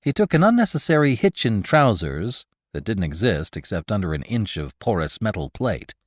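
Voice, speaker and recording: A man narrating a short story as the host of a podcast, in an expressive, dramatic reading. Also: on the low side, moderate pace, dry recording, clean studio sound.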